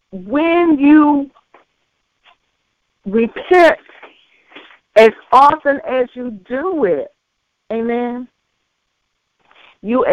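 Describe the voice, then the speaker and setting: Slow, tinny-sounding woman preaching. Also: on the high side, no echo. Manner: slow, repetitive preaching punctuated by frequent amens. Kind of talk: sermon. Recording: tinny phone-like dry recording.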